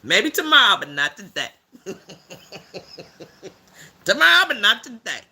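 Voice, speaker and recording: A man voicing a blunt, rough-edged older woman who hosts a livestream and gives preachy commentary in a drawling, slang-filled way. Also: sits high, sing-song, a little slow, bright, forceful tone, heavily acted. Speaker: livestream host.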